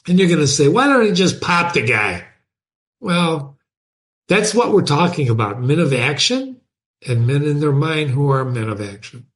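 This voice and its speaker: Animated man reading a novel aloud. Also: a little high. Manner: animated, breaks off the text to explain it.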